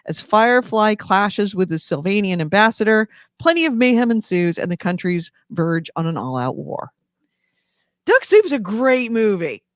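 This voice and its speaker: A man's voice: high-pitched, sing-song, moderate pace, clear, resonant tone, no room sound, clean studio sound. A man from California co-hosting a casual gaming news podcast, rambling with many fillers and restarts. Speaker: podcast co-host.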